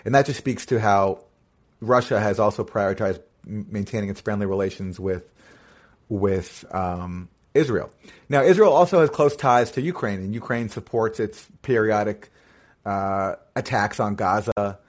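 A man's voice: lowish voice, moderate pace. A man in his forties hosting a podcast, explaining things in a casual way with occasional restarts. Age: 40s. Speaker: podcast host. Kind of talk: casual chat.

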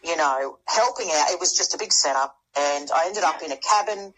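A middle-aged woman, speaking as a podcast guest. Her voice is husky and sits fairly low. She tells her story in a loose, animated way, stumbles over restarts, and jumps up in pitch to play the people she quotes. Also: a little fast, low-quality recording. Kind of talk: casual storytelling.

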